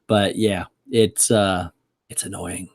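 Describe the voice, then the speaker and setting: A man's voice: low-pitched, fairly even intonation, slow, a little mellow, no room sound, studio quality. A man co-hosting a casual late-night live stream, telling rambling stories with bits of laughter. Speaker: podcast co-host.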